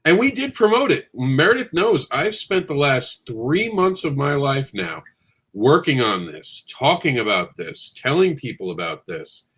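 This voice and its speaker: A man's voice: mid-range voice, measured pace, slightly rough. A man hosting a live online panel chat, talking with passion and often cutting in on others. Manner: animated, impassioned, talks over others. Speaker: livestream show host.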